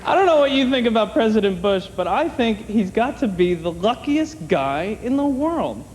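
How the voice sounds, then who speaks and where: High-voiced man doing stand-up in a hall. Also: very animated, a little mellow, a faint crowd. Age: older than 30. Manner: wry, conversational, acts out quick bits in other voices. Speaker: stand-up comedian. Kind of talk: stand-up comedy set. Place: comedy club stage, audience present. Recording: long hall reverb, clear room noise, 1990 TV taping.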